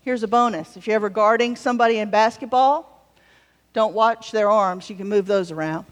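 A woman's voice: mid-range voice, normal speed. A woman pastor preaching a sermon in a conversational way, with wry humorous asides. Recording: long reverb of a large hall.

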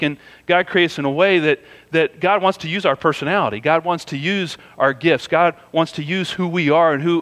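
A man's voice: fairly high pitch, fairly bright tone, big-room sound. A man preaching a sermon in a conversational, storytelling way, often saying "you know" as he goes. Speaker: pastor.

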